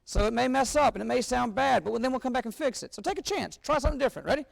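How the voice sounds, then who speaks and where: Racing along in a very high-pitched, animated, creaky voice, this man leads a wind band rehearsal. He coaches the players with energy and sings rhythms on syllables in a large hall with long reverb.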